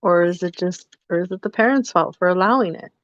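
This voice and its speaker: A woman's voice: on the low side, brisk, dry recording. Woman telling a story on a dull, lo-fi podcast recording. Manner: lively storyteller, acts out both sides of a dialogue. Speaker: podcast co-host. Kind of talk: casual podcast chat. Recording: dull, dry lo-fi sound.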